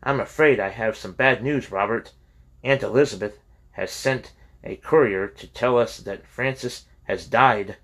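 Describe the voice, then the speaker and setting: A man reading the lines of a young man gently breaking bad news to his brother. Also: on the low side, a little slow. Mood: sober.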